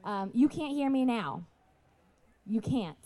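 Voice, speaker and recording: High-voiced woman projecting to a crowd. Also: expressive, slow pace. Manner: projecting loudly to reach the back; chatty, apologetic asides. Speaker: speaker at a Christian festival. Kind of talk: live talk to an audience. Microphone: PA microphone.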